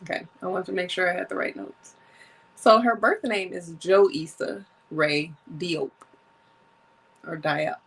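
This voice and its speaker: Chatty woman podcast host, lowish voice. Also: normal speed, gravelly, husky, poor audio. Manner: chatty, reading from notes, self-correcting. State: runny nose from allergies. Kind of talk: casual solo podcast monologue.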